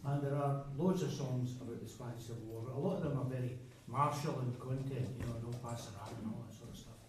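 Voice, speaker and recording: Halting folk singer chatting onstage. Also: male voice, medium pitch. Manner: halting and chatty, with frequent ums and restarts. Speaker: folk singer introducing a song. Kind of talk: live stage patter between songs. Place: folk club room at a live gig. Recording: echoey live room from far off, loud guitar.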